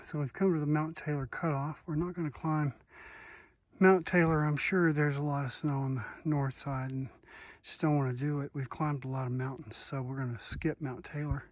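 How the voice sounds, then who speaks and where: A man's voice: on the high side, little pitch movement, normal speed, no room sound. A middle-aged man vlogging outdoors on a hiking trail with a handheld camera, chatty and full of ums, with a self-mocking streak. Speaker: hiker vlogging a long trail. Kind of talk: casual trail vlog.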